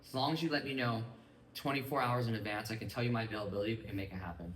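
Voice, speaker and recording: Fast-talking man in an echoey room. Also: lowish voice, steady tone, a bit bright, slight background noise. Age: 30s. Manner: fast, casual, acts out quoted dialogue. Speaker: sales team leader. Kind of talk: training talk to a live group. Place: room with a small audience.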